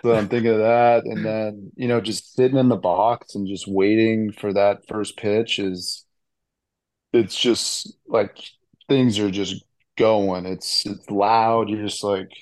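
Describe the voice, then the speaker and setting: A man in his thirties, a ballplayer guest in a casual interview, talking excitedly and rambling with many fillers and restarts. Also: fairly low pitch, slow pace, no echo. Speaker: baseball player guest.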